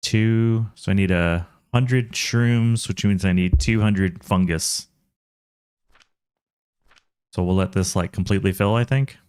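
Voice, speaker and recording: A man's voice: fairly low pitch, slow pace, pauses often, darkish tone, clear, resonant tone, no echo. A man with a Texan accent chatting casually through a game stream, talking to himself and his chat and laughing often. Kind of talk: casual gameplay commentary.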